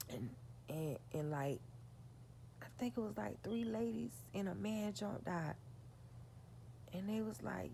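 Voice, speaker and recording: A woman's voice: mid-range voice, measured pace, vocal fry, pauses often, mellow, slight background noise. A woman vlogger telling a story straight to her viewers, profane and emphatic.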